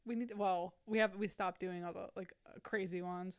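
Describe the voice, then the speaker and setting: A woman's voice: lowish voice, steady tone, brisk, clean tone, dry recording, studio quality. A woman co-hosting a podcast in casual chat, teasing and giggly. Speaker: podcast co-host.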